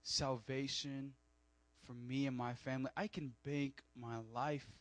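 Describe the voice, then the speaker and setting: A man preaching a sermon, animated with joking asides and loud emphatic peaks. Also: medium pitch, unhurried, no room sound. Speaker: pastor.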